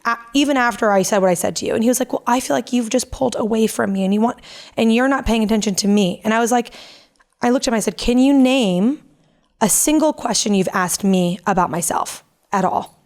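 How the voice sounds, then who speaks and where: Animated storytelling woman, slightly high voice. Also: a little fast. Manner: animated storytelling, acting out quotes. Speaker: podcast co-host. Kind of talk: casual chat.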